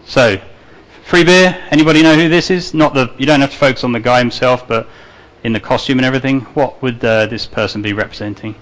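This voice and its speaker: A man presents at a conference in a loose, conversational way, scattering fillers and restarting his sentences. His voice sits at an ordinary middle pitch. He has an accent he points out himself. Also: fairly even intonation, fast, fairly bright tone, poor audio. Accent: non-native English accent. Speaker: conference speaker. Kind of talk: conference talk to a live audience.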